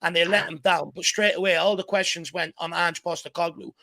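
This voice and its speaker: A man's voice: fairly high pitch, steady tone, fairly quick, gravelly, pushed and bright, dry recording. An Irish man hosting a casual football chat, earnest and repeating words as he builds his points. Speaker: host.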